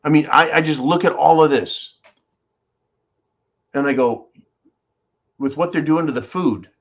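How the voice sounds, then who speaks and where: Man, channel host, angry profane rant, sarcastic, fairly high voice, sudden loud spikes. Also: a little slow, long pauses. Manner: loud swings in pitch and volume.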